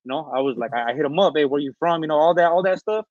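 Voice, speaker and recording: A man from Northern California tells his story fast in a casual interview, with fillers, restarts and slang. His voice sits a bit high, and he clears his throat now and then while getting over an illness. The recording is dull and lo-fi, close and dry. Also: no room sound. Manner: rambling, many fillers and restarts, street slang. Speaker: interview guest.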